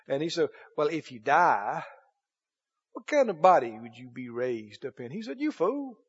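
A male preacher giving a sermon, emphatic and swinging between loud and hushed. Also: on the high side, big pitch swings, moderate pace, breathy edge. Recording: dull echoey hall recording.

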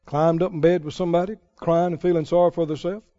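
A man preaching a sermon dramatically, swinging between booming lines and hushed asides. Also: little pitch movement, fast talker, no room sound. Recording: dull lo-fi, dry sermon recording.

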